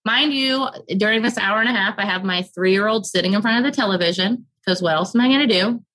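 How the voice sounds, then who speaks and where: A woman in her thirties, a podcast guest, earnestly telling a candid personal story and rushing through the emotional parts. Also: medium pitch, fairly bright tone, low-quality recording.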